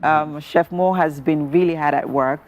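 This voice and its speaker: Woman, Nigerian English accent, breakfast TV host, chatty with fillers, low voice. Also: steady tone, normal speed, darkish tone. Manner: chatty, lots of "you know" fillers. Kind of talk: TV interview.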